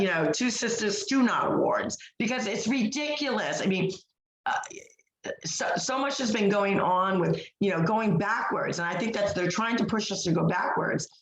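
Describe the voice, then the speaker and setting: A woman co-hosting a podcast, telling a story in casual chat with emphatic delivery, full of fillers and restarts. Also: lowish voice. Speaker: podcast co-host. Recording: echoey room.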